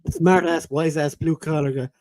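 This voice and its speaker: A man's voice: a little high, steady tone, moderate pace, a little mellow, dry recording. A man co-hosting a podcast, teasing and blunt in casual chat and reading out listener comments. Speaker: podcast co-host.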